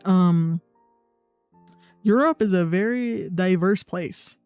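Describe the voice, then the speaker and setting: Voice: mid-range voice, takes it slowly, darkish tone, clean tone, no room sound. A young adult livestreamer, in blunt, profane, sarcastic casual chat. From United States. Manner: sarcastic, mocking mimicry of others. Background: faint background music.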